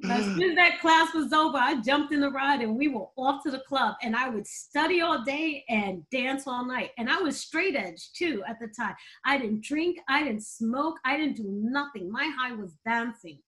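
Brief: middle-aged woman guest, high voice, animated storyteller, laughs easily. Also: normal speed, hardly any pauses. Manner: animated, laughs between stories. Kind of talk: candid storytelling interview.

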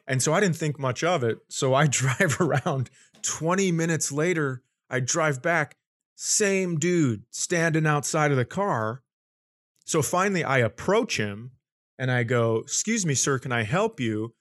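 A man's voice: a little high, unhurried. A man telling a long comic story on a podcast, acting out the quoted lines and laughing as he goes. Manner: animated anecdote with quoted voices and laughter. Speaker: comedian guest.

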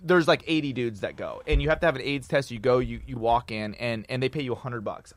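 A man's voice: mid-range voice, brisk, no room sound. A man in his forties telling a long casual story, profane and full of "dude" and "like". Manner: profane, peppers talk with "dude" and "like". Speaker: podcast guest storyteller.

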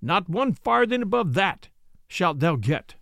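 A proud knight brought low, read by a man who voices him, speaking in solemn, archaic phrases. His voice sits high and moves a lot, with a gravelly edge, recorded close and dry. It sounds like a classic storybook reading. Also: sing-song, unhurried, fairly bright tone, dry recording, heavily acted. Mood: stern. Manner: solemn, pleading then stern. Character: proud wronged knight, older man, stern.

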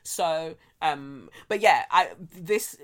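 A young woman, co-hosting a chat show and telling stories in an animated, slangy, frank way with plenty of laughter. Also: sits low, takes it slowly. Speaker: podcast co-host. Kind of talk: casual chat, storytelling.

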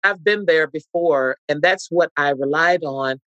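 A middle-aged actress, appearing as a podcast guest, tells heartfelt stories earnestly and acts out what people said. Her deep voice is fairly bright and a little slow. The recording is dry, with the highs cut off.

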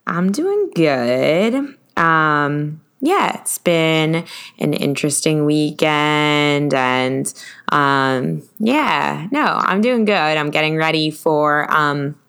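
A woman's voice: deep voice, expressive, a bit bright, clean tone. A woman hosting a podcast in casual chat, talking loosely with many fillers and frequent laughs. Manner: chatty, full of fillers, quick to laugh. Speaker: podcast host.

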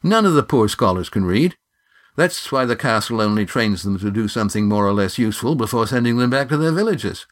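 Airy superior young scholar, as a narrator does him. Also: male voice, lowish voice, animated, brisk, natural voice. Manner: airy, condescending.

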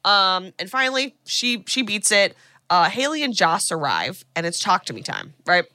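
Bright-voiced chatty woman podcast host. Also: mid-range voice, no echo. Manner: animated, chatty, full of "like" and quick asides. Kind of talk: casual chat recapping a film.

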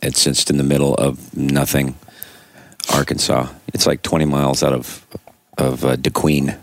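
Low-voiced male comic, rambling storyteller, dry close mic. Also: flat delivery, normal speed, vocal fry, no echo. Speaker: comedian and podcast co-host. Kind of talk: casual chat.

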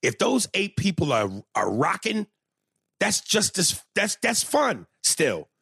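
A male stand-up comedian telling a story in a casual, profane, animated way, with many restarts. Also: sits high, slow pace, creaky, husky, no room sound, clean studio sound.

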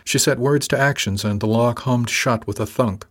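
A man reading a novel aloud in first person with a measured, dry delivery. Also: mid-range voice. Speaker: audiobook narrator.

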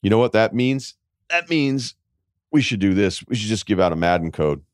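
Deep-voiced man, rambling wry podcast host. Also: animated, smooth, no room sound, clean studio sound. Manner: rambling storyteller, quick asides and wry self-mockery. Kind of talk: casual podcast chat.

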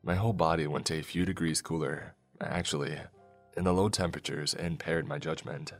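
A man with an extremely deep voice tells a first-person horror story. He keeps a low, measured storytelling pace. Faint music plays underneath. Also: steady tone. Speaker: narrator.

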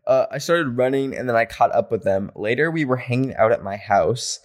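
Male podcast host, playful and animated, reads listener stories with quick reactions, mid-pitched voice. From rural area. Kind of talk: casual podcast chat.

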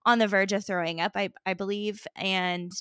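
A woman telling a story to her sisters in a casual chat, animated and full of "like". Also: medium pitch, moderate pace, smooth, dry recording, studio quality. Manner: animated storyteller, heavy use of "like". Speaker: podcast co-host telling a story.

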